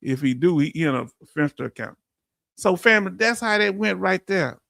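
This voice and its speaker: A man with a Texan accent hosting a live stream, emphatic and animated, reading out chat comments and laughing often. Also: high-pitched, fairly quick, gravelly, no echo, studio quality. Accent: Texan English. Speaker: veteran live-stream host.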